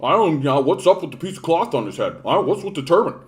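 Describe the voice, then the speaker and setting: Dude impersonating a dumb suspicious voter, dull drawl, a bit higher. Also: male voice, big pitch swings, fast talker. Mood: puzzled. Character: dim, suspicious male voter.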